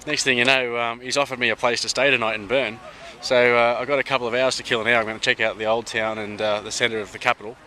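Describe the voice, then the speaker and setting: A man's voice: mid-range voice, flat delivery, fast, sharp tone, a little hiss or hum. A man from Sydney with an Australian accent, chatting upbeat to camera on a travel vlog, outdoors by a river. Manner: chatty and upbeat, with slangy asides. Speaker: travel vlogger. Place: outdoors by a river on a hot day.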